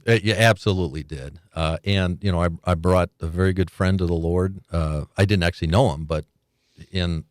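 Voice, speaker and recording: A man's voice: sits low, moderate pace, no room sound, studio quality. An older man, a podcast guest, telling stories with laughs, acting out the voices of people he quotes. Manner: animated storyteller, laughs often, acts out quoted voices. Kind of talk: storytelling interview.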